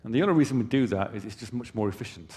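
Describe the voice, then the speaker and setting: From a conference hall stage, a male company presenter speaks very fast yet in a relaxed, conversational way, adding offhand asides to the crowd. His voice sits a little low, with a long hall reverb trailing every phrase.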